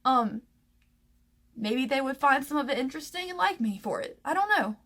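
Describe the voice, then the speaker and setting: A young woman from the American South telling a personal story to camera, emotional and halting, close to tears, with many fillers and restarts. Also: high voice, lively intonation, a bit bright. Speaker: vlogger.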